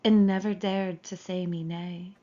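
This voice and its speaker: A woman reading a poem in a calm, measured voice, heard as played-back course audio. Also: lowish voice. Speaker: poetry reader in course audio. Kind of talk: calm poetry recitation. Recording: dull lo-fi playback of course audio.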